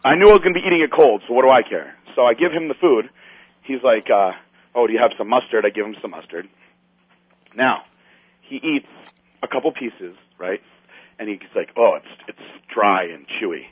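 A man's voice: mid-range voice, moderate pace, breathy edge. Storytelling man over a tinny phone line. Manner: animated storyteller, acts out quotes, swears. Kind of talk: casual chat.

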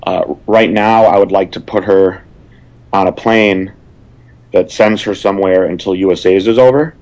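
A man's voice: sits low, steady tone, normal speed, a little mellow, lo-fi sound. A man talking in a casual podcast chat, plain-spoken and stern, with many fillers and restarts. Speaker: guest.

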